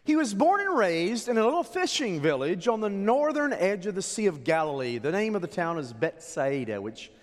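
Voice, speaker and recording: Male pastor delivering a dramatic sermon, high-pitched and wildly swinging between loud declarations and hushed asides, long hall reverb. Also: big pitch swings, normal speed, few pauses.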